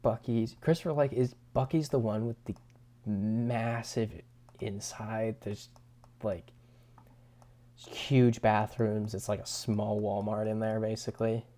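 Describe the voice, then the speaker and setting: A man's voice: on the low side, fairly even intonation, slow, warm tone. A young man streaming live and chatting casually with viewers, laid-back, often chuckling and restarting his sentences. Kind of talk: casual livestream chat reading viewer comments.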